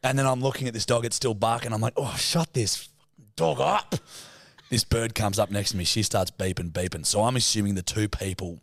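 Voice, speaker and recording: A young adult man with an Australian accent, co-hosting a podcast and telling an animated, sweary story in casual chat. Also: fairly low pitch, fast talker, few pauses, no echo. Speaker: podcast co-host.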